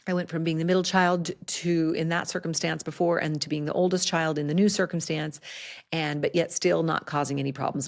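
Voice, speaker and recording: Woman, podcast host, low voice, gravelly, candid storytelling, animated. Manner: candid, animated, frequent laughs and asides. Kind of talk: personal storytelling.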